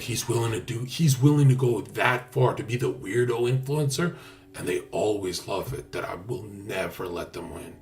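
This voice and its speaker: Brash profane man streaming live. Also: lowish voice. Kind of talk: casual livestream talk.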